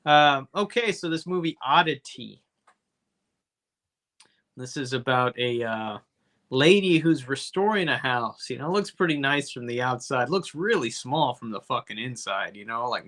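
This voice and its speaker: A man's voice: medium pitch, lively intonation, normal speed, a bit bright. A man co-hosting a comedy movie podcast, recapping a film in a profane, rambling way with jokey asides. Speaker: podcast co-host. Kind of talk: casual comedy movie review.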